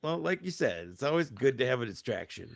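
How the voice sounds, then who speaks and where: A man's voice: medium pitch, very animated, brisk, gravelly, no room sound. A man telling stories in a casual chat, in a laid-back way that trails off into laughs. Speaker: guest.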